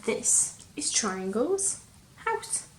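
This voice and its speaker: A woman reading a picture book aloud to a child, slowly and gently, stopping to ask him questions. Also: fairly high pitch, sing-song. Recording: roomy echo, faint hum.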